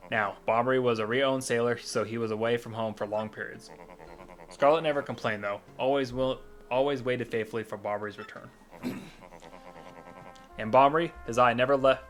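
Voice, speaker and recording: A man streaming a video game, reading its character dialogue aloud with a light dramatic lilt and stumbling over words now and then. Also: medium pitch. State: coughing at times.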